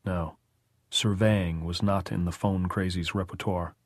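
A man narrating an audiobook in measured, even storytelling. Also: deep voice, no room sound. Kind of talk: scripted narration.

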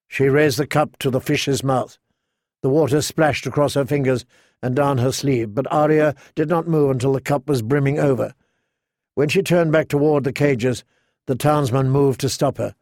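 A man narrating an audiobook in a measured, unhurried, vivid way. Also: medium pitch, steady tone, a little mellow, dry recording, clean studio sound. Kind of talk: scripted narration.

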